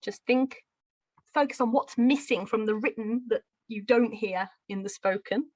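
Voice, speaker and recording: A woman with a fairly high but darkish voice and a measured pace explains a pronunciation drill in a friendly, explanatory manner, laughing lightly. A Brummie-accented teacher trainer from Birmingham, England, she's leading a live teacher-training lesson, heard on a low-quality recording with no room sound.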